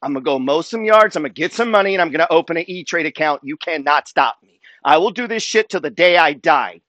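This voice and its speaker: Fiery, profane motivational speaker, higher-pitched man. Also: lively intonation, fast talker, pushed and bright, no room sound. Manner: emphatic, profane, preacher-like. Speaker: wealth and trading coach. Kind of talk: motivational monologue.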